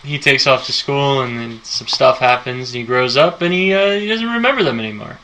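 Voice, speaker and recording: A man's voice: mid-range voice, lively intonation, a little fast, pushed and bright, slight background noise, rough recording. A man co-hosting a podcast, casually retelling a movie plot in a rambling, enthusiastic way. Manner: rambling, enthusiastic storytelling with fillers. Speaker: podcast co-host.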